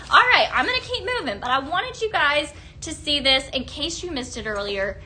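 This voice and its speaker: A woman hosting a live shopping stream, gushing in an upbeat sales pitch to viewers she calls her friends. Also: sing-song, moderate pace, hardly any pauses, bright, forceful tone, a little hiss or hum.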